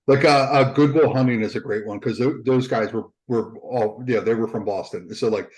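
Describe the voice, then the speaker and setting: A man's voice: mid-range voice, a little fast, a little mellow, low-quality recording. A man from the US Northeast co-hosting a podcast, asking questions in a loose, rambling way. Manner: rambling, many fillers and restarts. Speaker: podcast co-host. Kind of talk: casual podcast chat.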